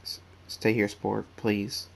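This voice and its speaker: A man voicing a kind, protective old stallion pony who is a grandfather, reading softly with small restarts. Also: fairly low pitch, flat delivery, slow pace, vocal fry. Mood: tender.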